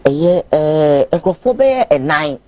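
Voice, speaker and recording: A woman's voice: low voice, lively intonation, slow, darkish tone. Female host, Ghanaian accent, loose and chatty, reads viewer messages aloud. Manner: laughs freely, mixes languages. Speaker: talk show host. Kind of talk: casual chat, reading viewer messages.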